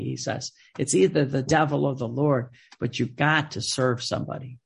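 A man's voice: medium pitch, steady tone, moderate pace, gravelly, a little hiss or hum. A man preaching a sermon with a pleading, repetitive cadence and frequent restarts.

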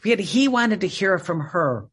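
A man's voice: high voice, very animated, moderate pace, a bit bright, breathy edge. A man preaching a sermon in an emphatic, repetitive way, often restarting his sentences.

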